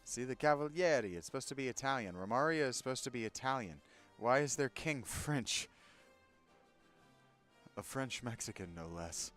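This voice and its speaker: A man's voice: medium pitch, expressive, moderate pace, fairly bright tone. A man hosting a gaming channel, making sarcastic, joking comments while playing a game. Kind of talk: casual let's-play commentary. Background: game music.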